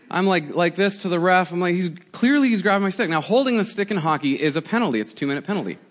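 A man in his forties, a pastor giving a conversational, animated sermon with prayer and storytelling. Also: on the high side. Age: 40s.

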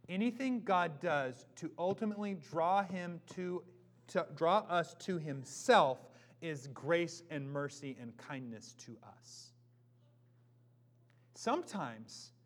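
A man preaching a sermon, swinging between loud emphatic declarations and quiet, close asides. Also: on the high side. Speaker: pastor.

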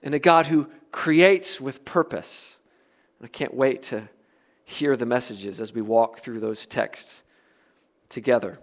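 A man's voice: medium pitch, measured pace. Earnest man preaching a sermon. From United States. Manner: earnest, emphatic preaching with soft dropped asides. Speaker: pastor.

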